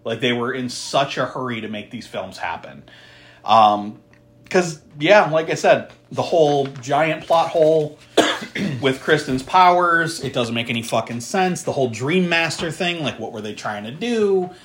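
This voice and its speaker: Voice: mid-range voice, measured pace. Laughing, sarcastic podcast co-host recapping. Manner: laughs often, sarcastic asides, swears freely. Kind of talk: casual chat.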